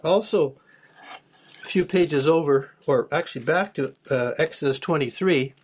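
A man's voice: on the high side, normal speed, slightly rough. A man teaching a Bible study, reading verses aloud and then explaining them plainly, with small restarts. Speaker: preacher.

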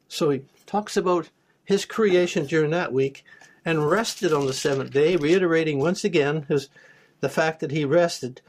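A man's voice: a little high, normal speed. A man teaching a Bible study, reading verses aloud and then explaining them plainly, with small restarts. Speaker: preacher.

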